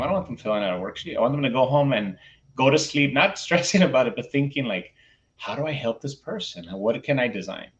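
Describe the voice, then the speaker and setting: A man with a mid-pitched voice tells classroom stories on a podcast. He jumps into his students' voices as he goes, with stops and restarts along the way. The recording sounds a little dull and lo-fi. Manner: animated, acts out classroom dialogue; frequent restarts and fillers. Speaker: teacher and podcast co-host. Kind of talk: casual chat, storytelling.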